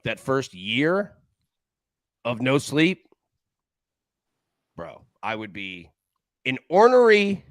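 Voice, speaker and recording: A man's voice: lowish voice, fairly bright tone, no echo. A man hosting a live sports betting show in casual chat, jokey and rambling, laughing often.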